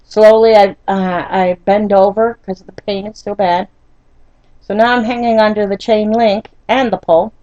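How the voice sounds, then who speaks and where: An older woman telling a painful personal story in a vlog, halting and frustrated, often near tears, with many fillers and restarts. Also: mid-range voice, steady tone, warm tone, no echo, muffled recording. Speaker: vlogger.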